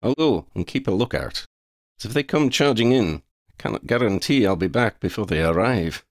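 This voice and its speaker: A man voicing a sardonic, grumbling male talking cat in an audiobook, raising his pitch a little. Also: animated, normal speed, no room sound. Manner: dry, grumbling retorts.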